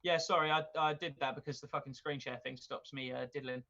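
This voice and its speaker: A man's voice: medium pitch, fairly even intonation, a little fast, sharp tone, dull audio, a little hiss or hum. A man co-hosting a casual chat podcast, joking and rambling, swearing freely and laughing often. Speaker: podcast co-host.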